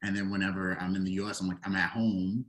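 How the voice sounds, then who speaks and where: Deep-voiced young man, reflective guest. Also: level tone, fast talker, low-quality recording. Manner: reflective, hesitant storytelling. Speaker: podcast guest. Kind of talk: casual podcast conversation.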